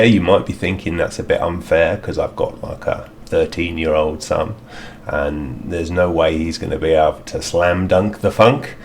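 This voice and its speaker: A man's voice: low-pitched, creaky, slight background noise. A man outdoors in a garden, talking through a DIY product review in a rambling, hesitant way with many fillers.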